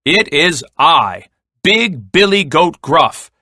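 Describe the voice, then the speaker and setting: A man voicing the biggest billy goat, a heavy, bold animal who speaks in a booming voice in a storybook read-aloud. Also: big pitch swings, takes it slowly, fairly bright tone, slightly rough, dry recording, clean studio sound, full character voice.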